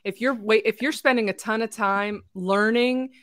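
A woman's voice: fairly high pitch, steady tone, normal speed, a bit bright, dry recording, studio quality. A woman hosting a podcast, talking in a direct, coaching way in a casual chat. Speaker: podcast host.

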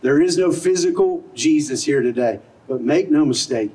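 At a parking-lot outdoor service, a middle-aged Southern pastor preaches in an earnest, conversational way and fills his sermon with rhetorical questions. His mellow, slightly high voice is animated at normal speed, though he's far from the mic and the recording is rough.

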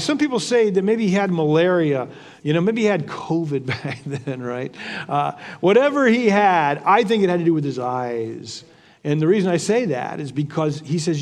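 A man's voice: high voice, lively intonation, normal speed, long reverb tail. A man giving a conversational Bible teaching, earnest and thinking aloud, often repeating and restarting his words. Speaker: preacher.

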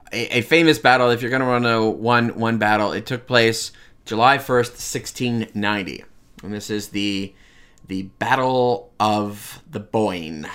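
A man's voice: on the low side, a bit bright, clean tone. Chatty man lecturing on history. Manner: conversational, acts out quoted voices, many restarts. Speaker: history teacher.

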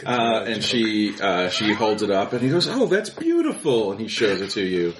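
A man narrating a tabletop game as game master, relaxed and halting, with many fillers. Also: lowish voice, echoey room, noisy background.

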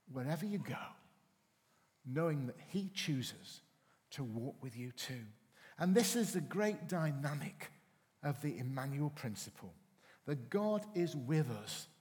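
A man's voice: medium pitch, expressive, slow, pauses often, a little mellow. A man preaching a sermon as pastor, telling anecdotes and acting out voices. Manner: storytelling, acts out voices in anecdotes. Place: church hall. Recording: reverberant church hall.

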